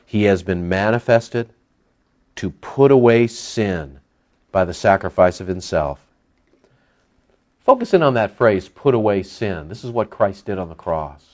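A man's voice: medium pitch, dull audio. A man preaching a conversational Bible-teaching sermon to a congregation, often emphatic. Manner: emphatic, rising to near-shouting when stirred; conversational, with asides to the audience. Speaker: pastor.

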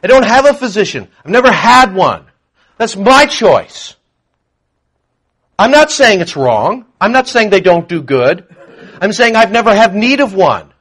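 A man preaching a sermon to a congregation, emphatic, swinging between quiet asides and loud proclamation. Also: sits high, very animated, a little slow, husky. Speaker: pastor.

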